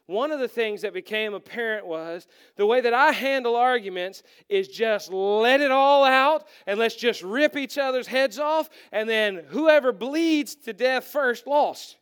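A middle-aged man preaching a sermon as a pastor, animated and self-deprecating, acting out quoted lines as he tells stories. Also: very high voice, a little slow, hardly any pauses, clear, resonant tone.

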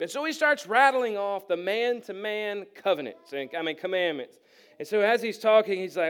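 A man's voice: sits high, fairly quick, fairly bright tone, smooth. A pastor preaching a conversational sermon to his congregation, acting out the people in the story with humor. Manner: conversational, acts out voices with humor. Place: church sanctuary.

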